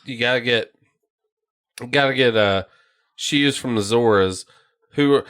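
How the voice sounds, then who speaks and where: A man's voice: mid-range voice, measured pace, a bit bright, clear, resonant tone. A man co-hosting a gaming podcast, riffing crude jokes and laughing often between lines. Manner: laughs often, riffs profanely. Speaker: podcast co-host. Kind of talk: crude joking banter.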